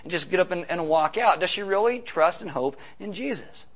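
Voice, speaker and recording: A man preaching a sermon as pastor, conversational, with quick asides and rhetorical questions. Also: high voice, lively intonation, fairly bright tone.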